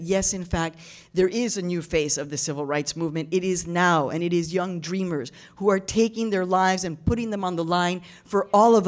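A woman's voice: fairly low pitch, darkish tone. A woman delivering a passionate keynote speech, mixing in Spanish phrases and acting out quoted voices. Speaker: keynote speaker. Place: large event hall with audience.

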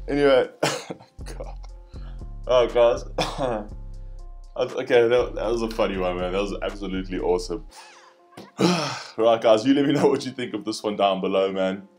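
A man hosting a reaction video, often laughing and breaking into excited exclamations. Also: on the low side, moderate pace, pauses often, soft background music. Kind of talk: reaction commentary.

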